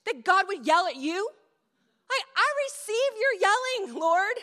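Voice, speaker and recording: Long reverb from the hall surrounds a very high-pitched, sing-song voice with a sharp tone and a slightly slow pace. It belongs to a middle-aged woman speaking at a church event, preaching conversationally through stories and audience asides.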